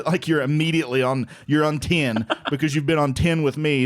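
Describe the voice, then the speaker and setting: A man and aspiring comedian, co-hosting a casual podcast chat, telling animated stories, swearing freely and laughing often. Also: mid-range voice, fairly quick, few pauses, dry recording, clean studio sound.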